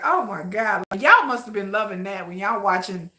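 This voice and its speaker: A woman chatting casually with her live audience about K-pop videos, animated and talkative. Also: medium pitch, normal speed. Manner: chatty, animated, addresses viewers as y'all. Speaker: K-pop reaction vlogger. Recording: echoey room.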